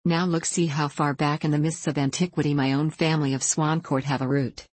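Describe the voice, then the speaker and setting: A woman's voice: low voice, fairly even intonation, brisk, darkish tone, dry recording. A woman reading the part of a talkative, proud elderly male vicar in a rambling, self-amused way. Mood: genial.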